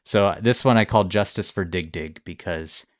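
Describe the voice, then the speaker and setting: A man's voice: low voice, moderate pace, dry recording, clean studio sound. A man co-hosting a podcast, casually retelling a news story with easy laughs. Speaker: podcast co-host. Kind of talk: casual chat.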